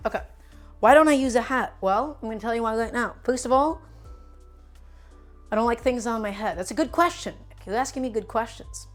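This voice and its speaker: A young woman talks her way through a home-kitchen cooking stream in a loose, chatty voice. She jokes with viewers and answers their questions as she works. Faint music plays behind her. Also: fairly high pitch. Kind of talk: casual live-stream cooking chat.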